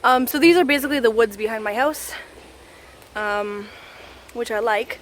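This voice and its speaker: A woman's voice: a little high, moderate pace. A Canadian woman vlogging casually on a walk through the woods, out of breath and rambling with lots of fillers. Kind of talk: casual vlog chat while hiking. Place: woods outdoors. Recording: faint outdoor background noise.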